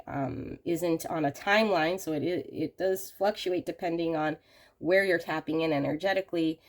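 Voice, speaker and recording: A woman with a low voice hosts a pick-a-card tarot reading, speaking straight to her viewers. She sounds slightly hoarse from a cold, and her way of talking is gentle and reassuring. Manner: gentle, reassuring, addresses viewers warmly as friends. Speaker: tarot reader and channel host.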